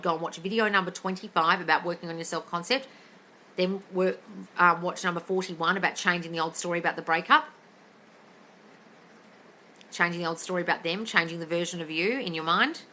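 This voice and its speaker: A woman's voice: lowish voice, brisk, sharp tone, a little hiss or hum. A woman coaching listeners in a casual live-stream Q&A, blunt and sweary, calling everyone darling. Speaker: manifestation coach answering live questions. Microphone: phone.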